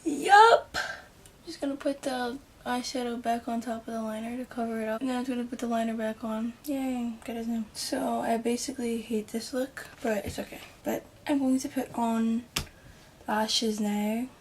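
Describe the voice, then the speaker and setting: Chatty woman vlogger, bright higher voice. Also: steady tone, normal speed, a little hiss or hum. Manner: chatty and rambling, with soft muttered asides. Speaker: beauty vlogger. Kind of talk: casual makeup tutorial.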